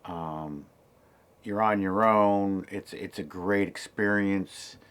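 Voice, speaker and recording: A man's voice: low voice, slow pace, fairly bright tone, clear, resonant tone. A man in his sixties casually telling the story of his late start as an actor, rambling with many fillers and restarts.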